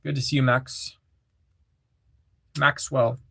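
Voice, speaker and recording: A man in the middle pitch range chats casually on his livestream, greeting viewers and reading their comments aloud, often repeating himself and filling pauses with um and uh. His voice sounds close and dry, with no room echo. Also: level tone, gravelly, sharp tone, slightly rough. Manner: reads chat aloud, repeats phrases, many fillers.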